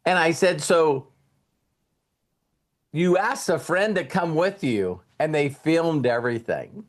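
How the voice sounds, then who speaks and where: A man's voice: on the high side, animated, takes it slowly. A man speaking in a somewhat raised voice, giving a motivational talk. He speaks loosely and casually, repeats words as he goes, and walks through a story by acting out the conversations.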